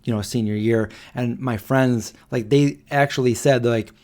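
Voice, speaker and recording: A man's voice: mid-range voice, fairly even intonation, normal speed, darkish tone. A man in his forties hosting a live Q&A stream, telling a story in a rambling way with many fillers and restarts. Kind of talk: casual storytelling.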